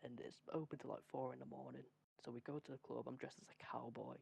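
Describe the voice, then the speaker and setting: A young Englishman, hosting a podcast and telling an energetic, rambling story while swearing freely. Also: mid-range voice, quick pace, creaky, husky. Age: young adult. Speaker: podcast host. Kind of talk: casual storytelling among friends.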